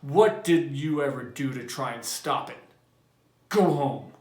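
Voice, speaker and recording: A man's voice: mid-range voice, measured pace, natural voice. A man reading as a furious, bitter fireman. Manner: shouting, bitter. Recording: roomy echo.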